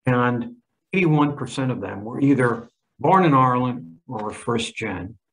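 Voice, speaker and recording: A man's voice: mid-range voice, animated, a little slow, fairly bright tone, poor audio. A man in his seventies, a history professor, giving an emphatic lecture with slides and frequent restarts. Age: 70s.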